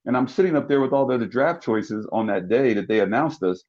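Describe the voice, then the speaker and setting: A man in his sixties from South Jersey, a talk show guest telling animated stories and acting out the people in them. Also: quick pace, highs cut off. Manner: acts out quoted people with big pitch jumps. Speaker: talk show guest, former football player. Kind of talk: animated storytelling.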